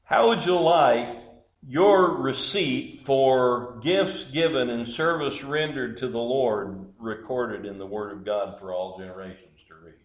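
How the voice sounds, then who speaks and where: Slow, emphatic preaching man, echoey. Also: mid-range voice. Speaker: pastor. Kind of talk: sermon.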